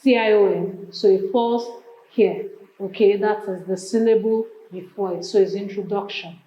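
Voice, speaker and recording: A woman with a Nigerian English accent teaching an exam prep lesson, drilling word lists slowly and repeating them. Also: mid-range voice, fairly even intonation, roomy sound, muffled recording.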